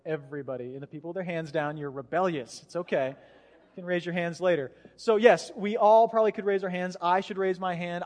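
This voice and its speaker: A man, a pastor, preaching a sermon in a casual, animated storytelling way, acting out voices as he goes. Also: sits high. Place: church sanctuary. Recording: long hall reverb.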